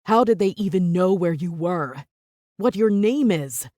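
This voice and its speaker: A woman voicing a furious, protective male boss and father in an audiobook, accusing at first, later murmuring low and remorseful. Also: expressive, unhurried, a little mellow, dry recording, clean studio sound.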